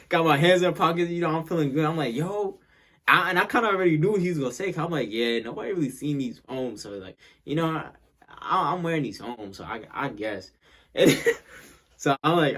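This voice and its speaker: A young man tells a casual story to camera in a slightly high, husky voice. He rambles, circles back and repeats himself, and he acts out the quoted lines as he goes. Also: a bit bright.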